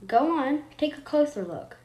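A woman voicing a forceful, doting mother who is insistent and bright. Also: high voice, lively intonation, normal speed, pitched above the performer's own voice. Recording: roomy echo, faint noise.

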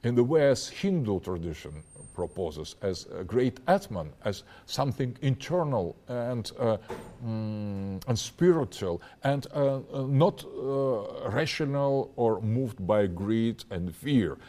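Man, interview guest, lecturing, halting, many restarts, mellow voice, lively pitch swings. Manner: halting, searching for words with frequent restarts; lecturing, building an argument step by step. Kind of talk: interview, extended explanation.

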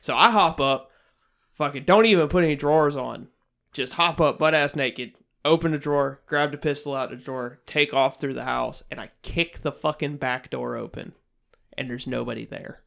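A man's voice: medium pitch, normal speed, vocal fry, fairly bright tone. A man telling a story on his podcast in casual, profane chat, blunt and plain-spoken. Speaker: podcast co-host.

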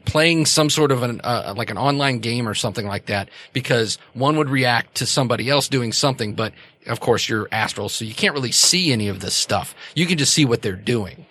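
A man's voice: medium pitch, sharp tone, no echo. A man narrating as game master of a tabletop game, rambling with many restarts and fillers.

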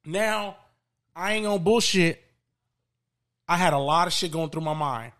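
A man's voice: a little high, unhurried, a bit bright. A man telling a profane story in casual chat on a podcast.

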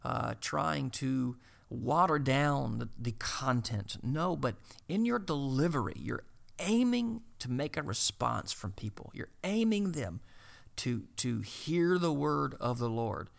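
Man, preacher, gravelly voice, mid pitch, earnest exhortation, frequent filler sounds. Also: lively intonation, takes it slowly.

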